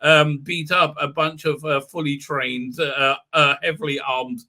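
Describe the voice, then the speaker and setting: A man's voice: on the high side, flat delivery, a little slow, pushed and bright. A man hosting a casual livestream recap, rambling with many fillers and acting out characters in mocking silly voices. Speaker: livestream host reviewing a TV episode.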